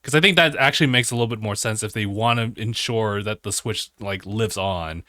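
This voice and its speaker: A young man co-hosting a gaming podcast, chatting in a relaxed, easygoing way. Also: lowish voice, a little fast, dry recording, studio quality. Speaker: podcast co-host. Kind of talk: casual chat.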